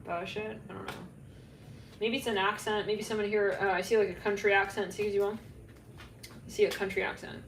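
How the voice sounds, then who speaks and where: A woman giving a casual, rambling psychic tarot reading, full of fillers and quick asides, sometimes laughing at herself. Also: mid-range voice, little pitch movement. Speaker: tarot reader. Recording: echoey room, faint background hum.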